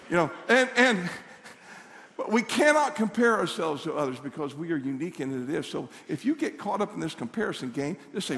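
A male pastor preaching a sermon in a church, animated, with call-and-response to the congregation. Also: fairly high pitch, a little fast, vocal fry, a little hiss or hum. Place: church sanctuary. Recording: long reverb of a large hall.

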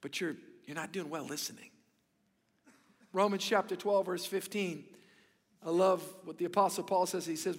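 A pastor preaches a sermon in a high voice, swinging between loud emphasis and quiet, intimate asides. His words ring out with a long reverb through the church. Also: fairly quick.

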